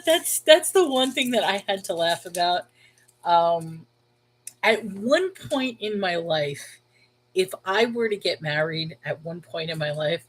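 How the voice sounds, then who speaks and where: A middle-aged woman hosting a casual livestream, chatting with viewers, laughing often, and slowing down to give earnest spiritual advice. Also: mid-range voice, rough recording. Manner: earnest and slow when giving spiritual advice. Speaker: host of a Bible livestream.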